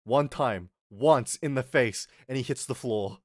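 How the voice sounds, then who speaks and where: A man's voice: medium pitch, a little slow, dry recording. Young man, casual stream rant, swears a lot, dry close sound, mid voice. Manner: animated, swears a lot, flips between mutters and yells.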